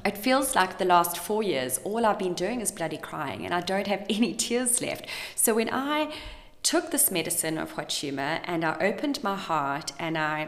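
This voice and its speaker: A woman's voice: fairly low pitch, fairly bright tone. Effusive woman recounting a story, reverberant. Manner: candid and effusive, peppered with "like" and "you know". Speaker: podcast host. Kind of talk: personal storytelling monologue.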